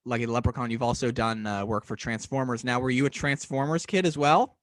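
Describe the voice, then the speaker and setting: Chill dude hosting a podcast interview, laughs a lot, dry close sound. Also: male voice, medium pitch, steady tone, brisk, fairly bright tone, no room sound. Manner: friendly, laughs easily, asks short questions. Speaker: podcast host. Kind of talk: casual interview chat.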